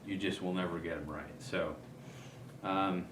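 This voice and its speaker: Man, very deep voice, casual instructional talk, thinks aloud; roomy, noisy recording. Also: unhurried. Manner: relaxed, thinking aloud with many ums. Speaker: guitar player explaining setup. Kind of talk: casual demonstration.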